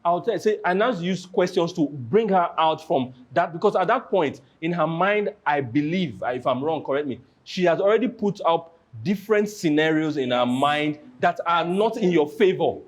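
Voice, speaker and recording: A man hosting a panel discussion, animated and acting out quoted lines as he talks. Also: on the high side, normal speed, few pauses.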